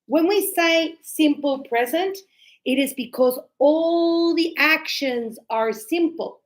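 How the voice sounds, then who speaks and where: A woman's voice: high voice, slow. A young woman teaching an English grammar lesson to a class. She speaks patiently and repeats key phrases so students can follow.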